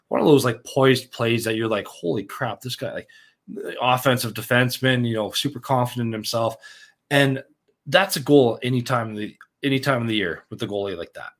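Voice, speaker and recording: A young man co-hosting a casual sports podcast, telling excited stories with lots of "like" and some swearing. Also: mid-range voice, brisk. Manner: excitable, swears, animated storytelling. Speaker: podcast co-host.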